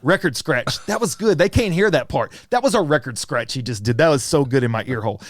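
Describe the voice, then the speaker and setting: A podcast guest, a middle-aged man with a Southern US accent, narrates a story with lots of animation, putting on voices for friends and strangers. His mid-range voice moves briskly, and the podcast studio recording is dry.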